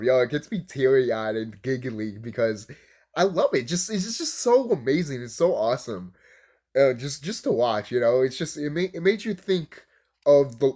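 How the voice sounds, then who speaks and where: Male cartoon reviewer, very lively pitch, profane and giggly, rambling casual rant. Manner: animated, profane, laughs often; rambling, restarts mid-thought.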